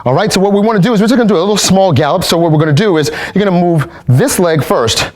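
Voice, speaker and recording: A man instructing kung fu movement drills, explaining steps calmly and barking out counts while demonstrating. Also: high-pitched, rapid-fire.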